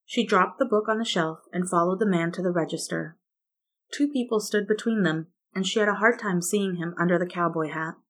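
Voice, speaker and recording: Woman reading a story, slightly low voice. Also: fairly quick. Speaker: fan fiction reader. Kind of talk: scripted story narration.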